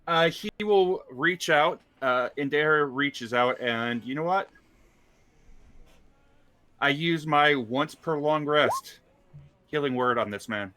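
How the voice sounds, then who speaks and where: A man playing a tabletop game, speaking in a calm, measured way. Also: on the high side, slight background noise. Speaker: player.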